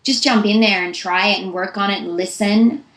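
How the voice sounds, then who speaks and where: A woman's voice: medium pitch, steady tone, moderate pace, a bit bright, roomy sound, rough recording. A young woman, a voice actress, giving chatty, long-winded answers in a casual interview. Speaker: voice actress guest.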